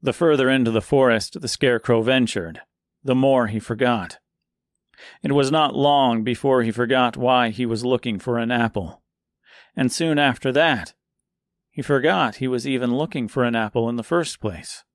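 A man reading a dark fairy-tale serial aloud in slow, measured scripted narration. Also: mid-range voice, dry recording, clean studio sound.

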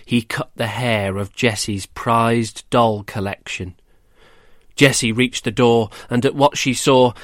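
A man's voice: medium pitch, fairly bright tone, no echo, clean studio sound. Man reading a rhyming bedtime story. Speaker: storyteller and host.

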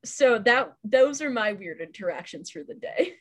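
A woman with a somewhat high voice chats easily as a podcast host. She tells a story in a lively way and slips into the quoted lines as she goes. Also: normal speed. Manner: chatty storyteller, acts out quoted dialogue. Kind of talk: casual chat.

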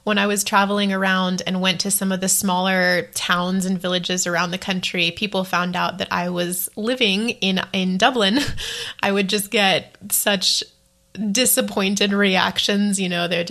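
A woman's voice: medium pitch, little pitch movement, measured pace, fairly bright tone. A young woman talking through travel tips in a casual vlog, chatty and laughing often, with self-deprecating asides. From United States. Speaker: travel vlogger.

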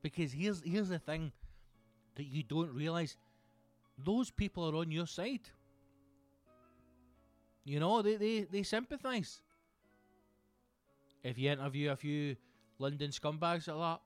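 A Scottish man hosting a comedy podcast, telling sweary, animated stories in a monologue. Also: fairly high pitch, a little slow, faint music behind. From Scotland.

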